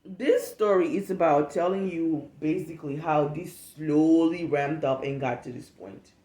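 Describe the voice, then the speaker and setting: A young woman from West Africa telling a casual storytime rant as a vlogger, animated and profane, acting out what people said. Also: deep voice, measured pace, echoey room. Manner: animated, profane, emphatic, acts out quotes.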